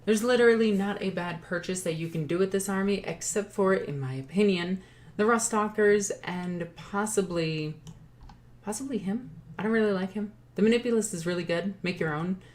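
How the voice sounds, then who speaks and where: A woman's voice: medium pitch, normal speed, darkish tone. A woman hosting her own channel in casual hobby commentary, chatty and joking, often stopping to correct her own slips. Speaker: YouTube host.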